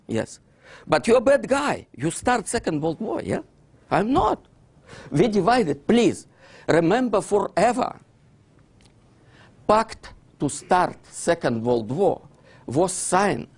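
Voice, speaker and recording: A man with a husky voice and a Russian accent gives an animated lecture, his pitch swinging widely as he acts out dialogues between historical figures. English is his second language, so his grammar is non-native and he drops articles, and he keeps checking in with his audience.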